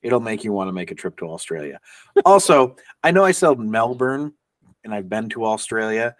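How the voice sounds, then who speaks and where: A man's voice: fairly low pitch, lively intonation, moderate pace, no echo, far from the mic. A man co-hosting a podcast in casual chat, emphatic and swearing for emphasis. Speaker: podcast co-host.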